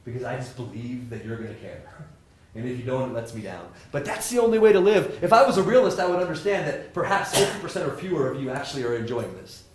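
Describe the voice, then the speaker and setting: Brief: energetic male professor, jokey lecture voice, roomy hall ambience, middling pitch. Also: fast talker, a little hiss or hum. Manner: animated, jokey, asks the audience questions. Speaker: professor giving a talk. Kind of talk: lively motivational lecture to students.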